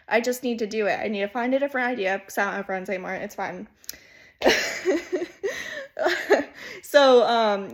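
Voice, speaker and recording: A woman's voice: on the high side, a bit bright. A young woman, a student, gives a comedic how-to speech, rambling, mocking herself and laughing through her words. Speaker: student giving a class video speech.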